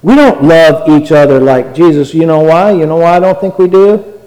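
A man's voice: a little high, moderate pace, dark tone. A man preaching a sermon, earnest and exhortative, and often repeating his phrases. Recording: long hall reverb.

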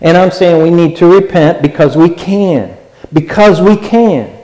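A man preaching in a slow, deliberate sermon. He exhorts his listeners earnestly and often repeats his phrases. His slightly high voice rings with a long hall reverb. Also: animated, mellow.

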